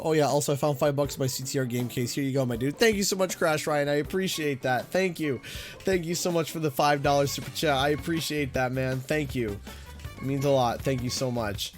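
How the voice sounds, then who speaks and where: His pitch is fairly high and his pace a little fast, with soft background music behind him. The chatty young adult streamer, Canadian-accented, narrates his gameplay live, thanks viewers and mutters about the game.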